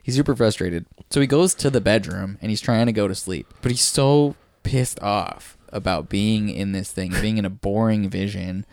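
A man's voice: lowish voice, normal speed, hardly any pauses, a little mellow, dry recording. A man co-hosting a casual podcast, laid-back and slangy, swearing and laughing a lot. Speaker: podcast co-host.

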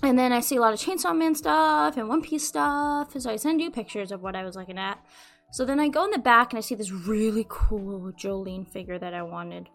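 A young adult woman hosting a podcast, telling a rambling, animated story in casual chat and swearing freely. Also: a little high, fairly quick, soft background music. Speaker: podcast host.

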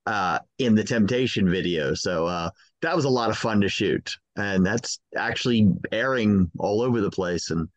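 A man talking casually as a guest, telling stories with animated delivery. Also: on the low side, moderate pace, few pauses, no echo, dull audio. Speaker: Krampus performer guest. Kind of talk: casual chat.

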